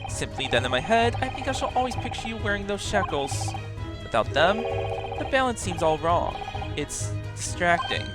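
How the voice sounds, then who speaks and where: A woman voicing an eccentric male detective, speaking in a loud, theatrical, playful way. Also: lowish voice, sing-song, moderate pace, over loud music. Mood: gleeful.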